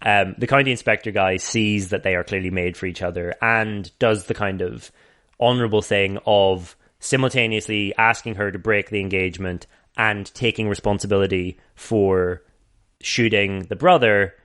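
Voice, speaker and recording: A man's voice: on the low side, fairly even intonation, normal speed, a bit bright. A man hosting a podcast, retelling a film's plot in rambling, sweary casual chat and laughing often. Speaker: podcast host.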